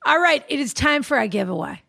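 A talkative woman co-hosting a podcast chat, her fairly high voice carrying a gravelly fry. The sound is close and dry, with no room in it. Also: sing-song, a little fast, pushed and bright, no room sound. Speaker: podcast co-host.

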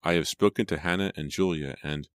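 A man's voice: low voice, brisk, no echo, clean studio sound, lightly acted. A man narrating an audiobook voices a wealthy father and husband who speaks formally and with command. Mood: stern.

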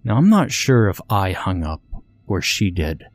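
A man narrating a first-person horror story in a measured, tense voice. His voice sits very low. Faint music plays under his reading. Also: very animated, no echo.

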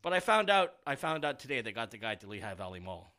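Man, profane storyteller, casual chat, lively pitch, bright tone. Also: quick pace. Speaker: works at a car dealership service department.

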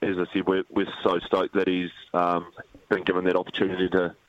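A man's voice: low-pitched, completely flat delivery, fairly quick, no room sound, highs cut off. A man with a New Zealand accent, a rugby head coach, talking in a laid-back, humble, rambling way on a radio interview.

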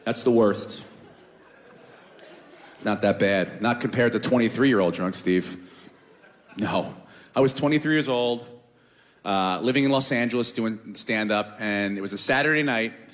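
A man doing a stand-up comedy set, animated, swinging from loud shouted bits to low mumbles. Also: normal speed, pauses often, big-room sound.

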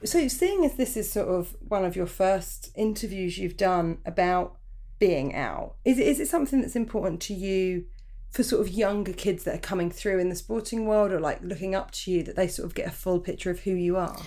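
A woman's voice: lowish voice, animated, fairly quick, dark tone. A woman host with a comedian's timing, chatty and playful. Her voice swoops up and down with plenty of movement. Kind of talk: casual interview chat.

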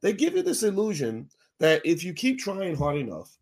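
A man talking frankly and bluntly to an audience, jumping from low muttered asides to loud, high exclamations. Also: huge pitch swings, normal speed, creaky. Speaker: speaker. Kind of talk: talk to an audience.

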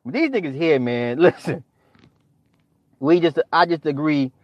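A middle-aged man with a rather high-pitched voice holds forth in a profane livestream rant, exasperated and laughing between outbursts. His voice sits close and dry on the mic, with no room sound. The sound is a bit dull, like a modest lo-fi setup. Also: a little slow, dry recording. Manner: animated, exasperated, laughs often. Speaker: livestream host. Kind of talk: profane ranting commentary.

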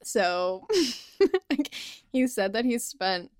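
A woman producing and chatting on a casual podcast, animated and quick to laugh. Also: a little high, no room sound, clean studio sound.

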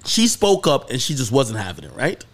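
A man hosting a podcast, telling a story in casual chat with lots of swearing and excited peaks. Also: mid-range voice, moderate pace. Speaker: podcast host.

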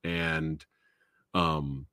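A man's voice: very deep voice, flat delivery, extremely slow, sharp tone, no room sound, clean studio sound. A man hosting a casual live movie show, recapping and reviewing a film in a rambling, chatty way. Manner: rambling and chatty, with fillers and laughs. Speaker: host of a movie talk show.

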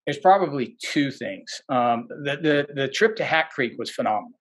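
At a moderate pace and with a mid-range voice, a man guesting on a podcast wanders through casual anecdotes, restarting often and leaning on fillers. He becomes lively when he repeats what others said.

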